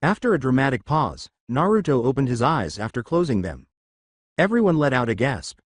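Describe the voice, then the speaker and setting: A man giving a steady, scripted narration of a fan-written story. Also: mid-range voice, normal speed, no echo, clean studio sound.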